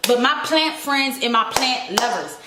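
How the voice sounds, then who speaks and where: A woman's voice: sits high, expressive, a little slow, echoey room, background noise. A woman vlogging at home, frantic and pleading as she talks straight to her viewers. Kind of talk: casual vlog to camera. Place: indoors, home room with houseplants. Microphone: camera mic, lit by a ring light.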